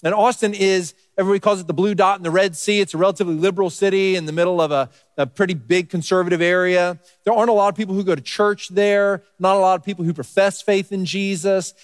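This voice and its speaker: A pastor preaching a conversational, earnest sermon and speaking directly to the young people in the congregation. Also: male voice, sits high, steady tone, fast, hardly any pauses, no echo, clean studio sound.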